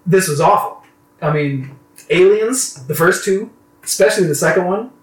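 A man's voice: high voice, moderate pace, far from the mic. A man co-hosting a casual podcast, talking animatedly and laughing often. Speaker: podcast host. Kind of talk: casual chat. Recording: roomy echo, off-mic.

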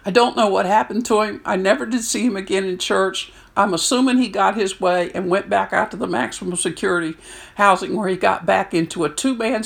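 A woman in her sixties, a prison chaplain, telling stories in an animated way and acting out what people said. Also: medium pitch, vocal fry. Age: 60s. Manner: animated storyteller, acts out quotes. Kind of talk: storytelling talk.

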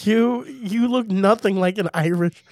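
A young man co-hosting a comedy podcast, rambling and tossing out provocative, deadpan absurd jokes. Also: sits high, unhurried, no echo, studio quality. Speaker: podcast co-host. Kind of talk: casual comedy chat.

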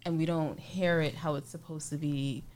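A woman with a fairly low voice, speaking on a casual podcast. She talks earnestly and reflectively, often pausing on "um" as she thinks. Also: steady tone, a little mellow.

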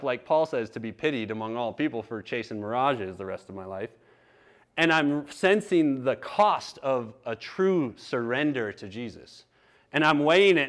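A man's voice: on the high side, a bit bright. A man preaching a sermon, telling a candid personal story in a conversational way. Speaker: pastor.

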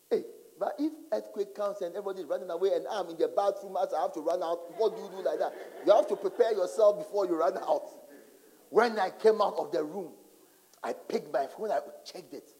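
A pastor preaches a sermon in a large church hall, his voice sitting high and moving a little fast. He tells stories dramatically and animatedly, acting out voices in asides, while long hall reverb fills the recording.

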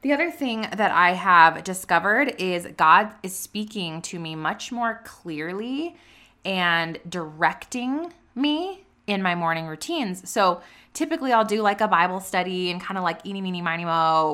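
A woman vlogging casually about her faith, chatty and earnest, full of "like" and "you know", reading scripture aloud with quick personal reactions. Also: on the low side, lively intonation, bright, forceful tone. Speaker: vlogger sharing a faith and business update. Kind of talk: casual faith vlog talk.

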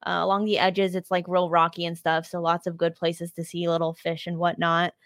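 A woman's voice: lowish voice, completely flat delivery, a little fast, a bit bright, no echo. A woman co-hosting a podcast in easy, rambling chat. She fills her sentences with ums and likes and teases her partner now and then. Her voice sits close and dry on the mic. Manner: chatty, lots of ums and likes, teasing. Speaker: podcast co-host. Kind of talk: casual chat.

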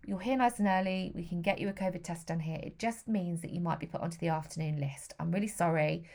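A woman voicing a busy female hospital nurse who talks in a clipped, brisk way. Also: lowish voice, darkish tone. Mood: apologetic. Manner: curt and impatient, then apologetic.

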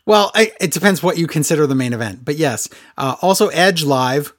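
A man's voice: fairly high pitch, animated, fairly quick. A man co-hosting a casual podcast, recapping a show with sarcastic, exasperated commentary. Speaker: podcast co-host. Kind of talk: casual wrestling podcast chat.

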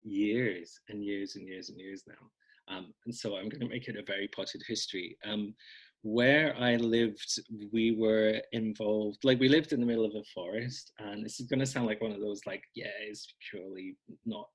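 Husky man, rambling guest. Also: lowish voice, fairly even intonation, normal speed, poor audio. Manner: rambling, self-deprecating, frequent ums and laughs. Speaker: podcast guest, folk magic blogger. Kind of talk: casual interview chat.

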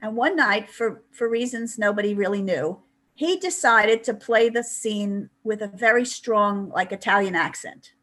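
Older woman, husky voice, chatty anecdotal guest. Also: mid-range voice, measured pace, a bit bright. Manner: chatty storytelling, many "you know" asides. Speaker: interview guest. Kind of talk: anecdotal interview.

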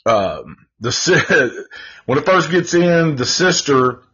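A husky-voiced man drawls through a casual live-stream review, rambling and swearing freely. His delivery is unhurried, and the audio comes across dull and lo-fi. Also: on the high side, sing-song, fairly bright tone. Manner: rambling, profane, laid-back. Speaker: movie reviewer.

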